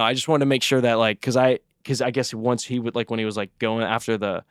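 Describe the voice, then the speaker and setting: A man's voice: medium pitch, level tone, fast, clear, resonant tone, no room sound, clean studio sound. A man hosting a podcast, telling a story in loose, casual chat full of "like" and "dude" and plenty of swearing. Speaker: podcast host.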